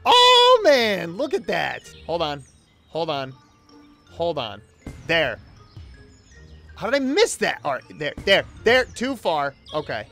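High-voiced guy yelling and joking over a game he's reviewing, really bouncy delivery. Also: takes it slowly, gravelly, long pauses, faint music behind. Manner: excitable, jokey, exclaiming at the game. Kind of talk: comedic gameplay commentary.

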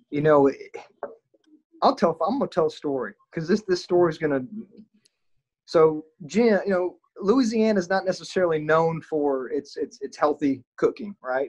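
A man, a podcast guest, telling an anecdote in casual chat, animated and chuckling as he goes. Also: on the high side, normal speed, long pauses, poor audio.

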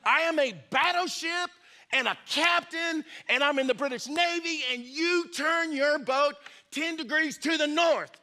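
A man's voice: very high-pitched, unhurried, pushed and bright, pitched above the performer's own voice, heavily acted. A man acting out a pompous, angry male battleship captain who barks indignant orders in a sermon story. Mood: furious. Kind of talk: acted quote in a sermon story.

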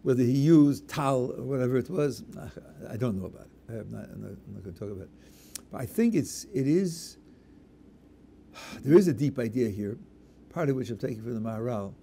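Warm-voiced rabbi giving an emphatic lecture. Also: male voice, mid-range voice, animated, a little fast, vocal fry, slightly rough. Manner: emphatic, explains with worked examples and repeated stresses. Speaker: rabbi answering questions.

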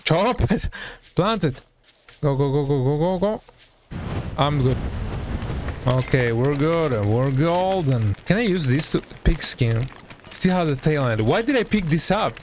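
Excitable young male gaming streamer. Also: fairly high pitch, a little slow, long pauses, a little hiss or hum. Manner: excitable, yelps and talks to the game. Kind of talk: live gameplay commentary.

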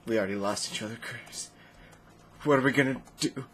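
A young man co-hosting a game video, goofy and giggly, breaking into squeaky excited shouts. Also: brisk, background noise. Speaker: let's play co-host. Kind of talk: casual gaming chat.

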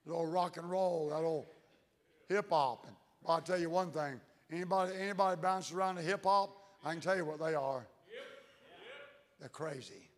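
A pastor preaches in a folksy, emphatic manner, his voice pitched a little high. He drops into low, intense tones to press a point. The sound carries a long reverb from the church hall. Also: moderate pace. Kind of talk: sermon. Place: church sanctuary.

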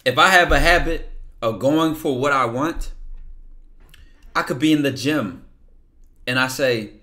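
A man in casual motivational talk, blunt, profane and slangy, acting out his inner voice in quick asides. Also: mid-range voice, bright, forceful tone. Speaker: podcast guest.

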